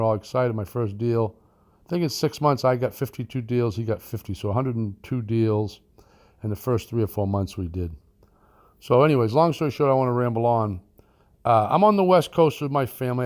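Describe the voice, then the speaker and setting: A man's voice: medium pitch, a little mellow. A man with a mid-range voice tells a business anecdote from his early investing days. His delivery is folksy and rambling, with asides, restarts and fillers along the way. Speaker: land investing teacher. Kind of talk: anecdotal storytelling.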